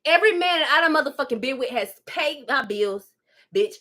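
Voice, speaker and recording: A woman's voice: high voice, animated, a little fast, fairly bright tone. A woman vlogger ranting candidly while she cooks in her home kitchen, blunt and heavy on profanity. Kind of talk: candid rant while cooking.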